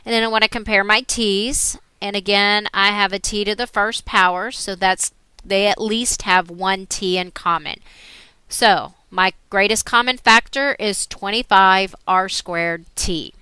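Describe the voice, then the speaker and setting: A woman math teacher talking through worked examples in a recorded screen lesson, explaining each step in a steady way. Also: mid-range voice, a little slow, clean tone, dry recording.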